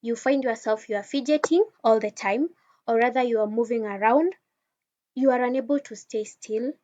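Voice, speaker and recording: A woman's voice: a little high, moderate pace, mellow. A woman giving an informal wellness teaching talk, speaking straight to the listener in a conversational way with frequent restarts. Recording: dull lo-fi sound.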